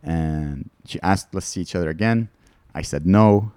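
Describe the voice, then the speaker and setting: A man's voice: extremely low pitch, moderate pace, a little mellow, clear, resonant tone, dry recording. A man, a comedian guest on a podcast, telling rambling candid stories in casual chat. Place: studio.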